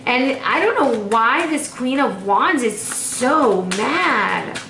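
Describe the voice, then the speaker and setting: A woman's voice: a little high, animated, takes it slowly, bright, forceful tone. A woman giving a chatty, sassy tarot reading straight to her viewers. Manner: chatty and sassy, lots of fillers. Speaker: tarot reader. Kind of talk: casual tarot reading to camera. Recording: echoey room with faint noise.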